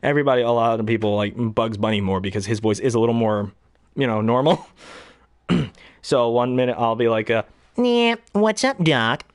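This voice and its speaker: A man with a baritone voice, a hobby voice actor chatting casually, who rambles and often clears his throat. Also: steady tone, a little fast, a little mellow, no room sound, studio quality. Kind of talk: casual talk to camera.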